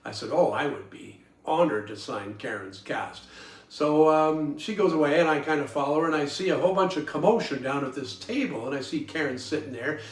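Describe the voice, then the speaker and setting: A man's voice: fairly high pitch, fairly quick. Guy in his 70s rambling thru old stories, lots of uhs and chuckles, echoey room, mic kinda far. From Toronto, Canada. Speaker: podcast host. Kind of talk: rambling personal storytelling. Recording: roomy sound from a distant mic, faint guitar music.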